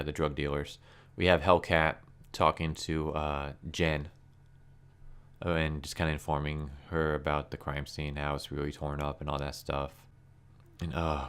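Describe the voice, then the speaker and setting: A man's voice: a bass voice, flat delivery, moderate pace, fairly bright tone, smooth. A man reviewing a comic book in casual commentary, sarcastic and exasperated.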